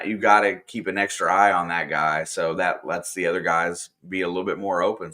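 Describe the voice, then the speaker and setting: A man's voice: sits low, pushed and bright. A man co-hosting a game reaction stream, giving easygoing, jokey analysis. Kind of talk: casual game analysis chat.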